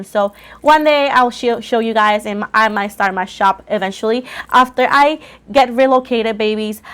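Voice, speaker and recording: With a fairly high, somewhat bright voice, a woman running a tarot channel talks informally to her audience. Her chat wanders and circles back on itself, and coughing has left her voice slightly rough.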